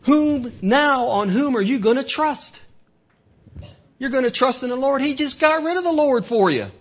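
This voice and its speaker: A man's voice: extremely high pitch, animated, moderate pace. A man preaching a sermon, asking rhetorical questions and acting out the devil's taunts. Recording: dull lo-fi recording.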